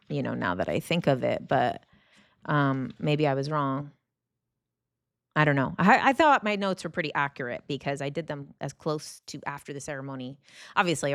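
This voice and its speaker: A woman host telling a personal story in a casual, rambling way, full of fillers and restarts, and lively when she acts out her reactions. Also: low-pitched, no echo, studio quality. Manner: animated when acting out reactions. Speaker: podcast host.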